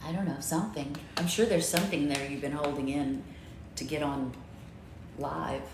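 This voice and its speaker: A woman co-hosting a livestream, chatting in a relaxed, teasing, dry way. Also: low-pitched, normal speed, reverberant, background noise. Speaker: co-host of a livestream. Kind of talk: casual chat. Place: home.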